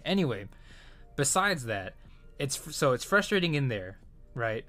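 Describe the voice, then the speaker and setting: A man's voice: mid-range voice, big pitch swings, measured pace, bright, forceful tone, faint music behind. A man casually telling a frustrating story from his retail job, rambling and swearing, with lots of fillers and restarts. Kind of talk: casual chat.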